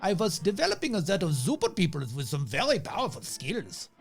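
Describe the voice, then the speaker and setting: A man's voice: sits high, wildly swooping pitch, brisk, vocal fry, husky, faint music behind, exaggerated voice. A man playing a jolly German mad scientist. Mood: sheepish. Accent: put-on German. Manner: jovial, playful, broken grammar. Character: eccentric older male German mad scientist. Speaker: voice actor. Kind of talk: comedic audio drama.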